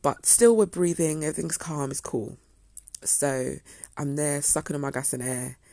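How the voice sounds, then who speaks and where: A young woman with a low, husky voice and a gravelly edge, chatting to her viewers. She tells her story casually and slips into the voices of the people she quotes. The sound is close and dry. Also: normal speed, dark tone, dry recording. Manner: chatty, acts out quoted dialogue. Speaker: vlogger.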